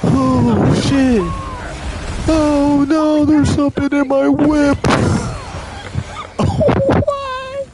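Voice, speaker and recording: Young male streamer, high lively voice, unhurried but rowdy profane play-by-play over a loud game soundtrack. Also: poor audio. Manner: loud excited exclamations, profane trash talk at enemies. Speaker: gaming streamer. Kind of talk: live gameplay commentary. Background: loud game music.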